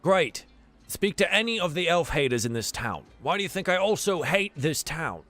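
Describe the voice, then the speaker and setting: A man's voice: fairly high pitch, very animated, normal speed, fairly bright tone. A man voicing a surly, stubborn male sailor who grumbles and swears. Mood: defiant.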